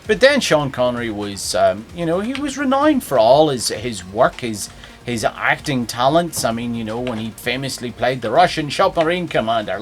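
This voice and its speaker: A man's voice: medium pitch, sing-song, normal speed, faint music behind. A man chatting and joking casually while streaming a game. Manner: joking, rambling, playful. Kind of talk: casual gameplay stream chat.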